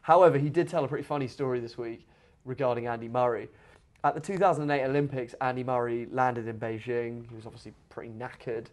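A man's voice: mid-range voice, steady tone, quick pace, a little mellow. A man co-hosting a podcast, chatting casually and telling stories with wry, dry humour. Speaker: podcast co-host. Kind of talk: casual chat.

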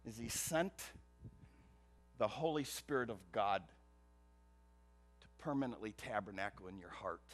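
A man preaching a sermon as pastor, emphatic, with rhetorical questions. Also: mid-range voice. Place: church.

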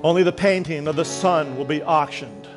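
A man's voice: a little high, normal speed, faint music behind, close to an everyday voice. A man voicing a formal, persistent auctioneer who keeps pressing for bids. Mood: insistent.

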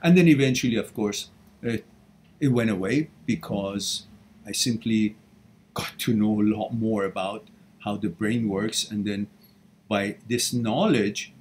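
A man's voice: lowish voice, unhurried, darkish tone, slight background noise. A middle-aged man hosting a live question-and-answer session, telling his own story in an earnest, emphatic way. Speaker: host answering viewer questions. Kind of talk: live Q&A talk.

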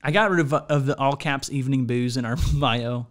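A man's voice: mid-range voice, moderate pace. A man co-hosting a podcast, joking around with his friend in casual banter and using plenty of filler words. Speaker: podcast co-host.

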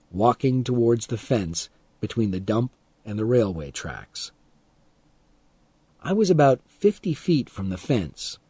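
A man reading a first-person story aloud as an audiobook narrator, calm and expressive, for English learners. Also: medium pitch, husky, dry recording.

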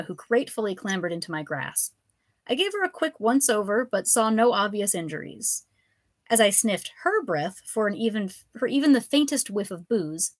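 A woman reading her own comic novella aloud with a lively, animated delivery. Her pitch moves around a great deal. The recording is dry, with no room sound. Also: no echo. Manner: expressive, animated storytelling. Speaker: author and reader. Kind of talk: live fiction reading.

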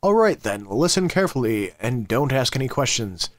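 A man's voice: mid-range voice, big pitch swings, normal speed, no room sound, studio quality, lightly acted. A man voicing a secretive, paranoid stranger who gives curt commands from behind a door. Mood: commanding.

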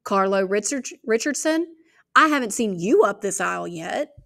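A woman reading aloud, voicing a stern middle-aged male country preacher who speaks forcefully. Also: mid-range voice, lively intonation, normal speed, lightly acted. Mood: commanding. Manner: forceful, commanding.

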